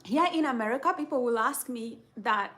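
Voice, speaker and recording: A woman's voice: a little high, fairly quick, pushed and bright. A young woman from Kenya with a Kenyan accent, chatting casually and answering questions, with lots of restarts and "you know.".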